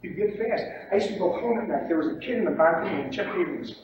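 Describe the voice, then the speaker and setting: A man teaching trading to a room of trainees, lively, acting out the shouts and voices of traders on the floor. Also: sits high, quick pace. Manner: animated, acts out pit shouts and mimics other traders. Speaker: trading instructor. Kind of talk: lecture to trainees. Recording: distant echoey room, dull lo-fi tape with faint hiss.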